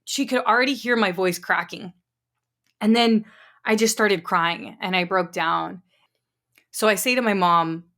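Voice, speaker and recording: A woman in her thirties hosts her own podcast and tells stories from her life. Her voice sits at an ordinary middle pitch. She talks in a candid, encouraging way, loose and chatty, with plenty of casual fillers. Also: fairly even intonation, moderate pace, pushed and bright. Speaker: podcast host. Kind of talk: personal storytelling.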